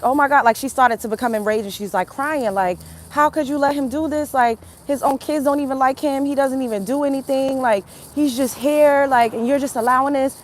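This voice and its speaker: A woman's voice: on the high side, a little hiss or hum. A woman hosting a casual livestream, chatting with viewers, greeting them by name and giving her opinions. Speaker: host of a livestream talk show.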